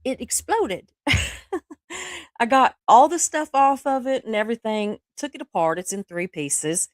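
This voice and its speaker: A woman's voice: fairly high pitch, a little slow, dry recording, studio quality. A middle-aged woman, sick with the flu, hosting a casual livestream chat, rambling and laughing often as she reads viewer comments. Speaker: livestream host.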